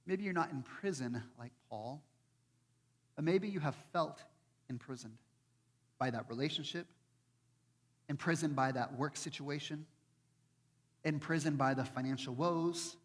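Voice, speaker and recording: A male pastor preaching a sermon, animated, acting out the people in his story. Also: on the high side, measured pace, pauses often. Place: church hall. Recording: long hall reverb.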